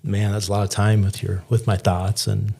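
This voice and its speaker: A man's voice: lowish voice, level tone, moderate pace, creaky, warm tone, slightly rough. A middle-aged man speaking briefly and in an understated way, with dry humor, in a casual conversation. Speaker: podcast co-host.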